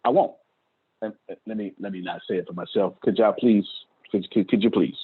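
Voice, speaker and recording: Husky guy giving a pep talk on a video call, repeats himself a lot, sounds like a phone line. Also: on the low side, a little fast. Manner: preachy, repeats phrases, laughs often. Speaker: host. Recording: tinny phone-like call audio.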